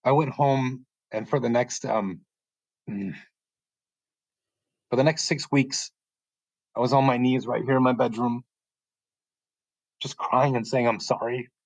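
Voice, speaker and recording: A man's voice: medium pitch, steady tone, a little slow, creaky, long pauses, dry recording, low-quality recording. A man telling his personal faith story as a podcast guest, earnest and rambling, often restarting his sentences, speaking from his bedroom at home. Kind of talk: personal faith testimony in conversation.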